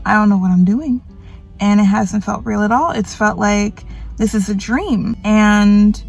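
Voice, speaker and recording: In a grocery store, a young woman vlogs casually in a medium-pitched voice with vocal fry, tired and self-mocking as she rambles through her worries. This confessional vlog has her quoting others in put-on voices.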